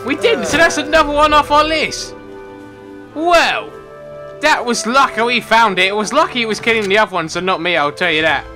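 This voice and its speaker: A young man giving excitable let's-play commentary, yelping and shouting whenever something surprises him. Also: very high voice, moderate pace, over music. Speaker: gaming commentator.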